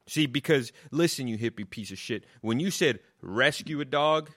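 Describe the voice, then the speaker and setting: A man's voice: medium pitch, animated, normal speed, a bit bright. A man delivering a profane, mocking comic rant, swearing constantly and hammering the same insults. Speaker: comedian.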